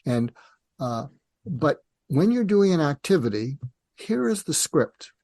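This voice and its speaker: An older man speaks as a psychiatrist guest, explaining patiently and steadily. His voice is mellow and relaxed. The recording is dry and close. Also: on the high side, vocal fry, no room sound. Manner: calm, measured, acts out parent and teen dialogue. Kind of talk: conversational interview explanation.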